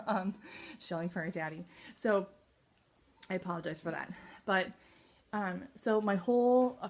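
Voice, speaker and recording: At home at night, a sales leader with a mid-range voice gives her team a casual training talk. She's upbeat and chatty with many fillers, sounding a little excited and nervous.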